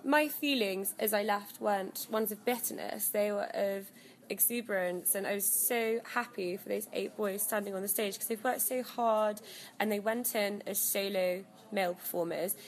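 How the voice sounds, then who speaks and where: A woman's voice: medium pitch, moderate pace, rough recording. A woman singer talking as a guest on a radio show. She speaks articulately and a little theatrically, with fancy wording. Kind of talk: radio interview.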